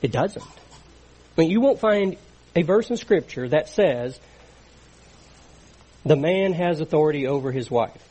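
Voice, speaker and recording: A man's voice: fairly high pitch, lively intonation, measured pace, long pauses, mellow, husky, low-quality recording. A middle-aged man preaching a sermon in an earnest, conversational teaching manner.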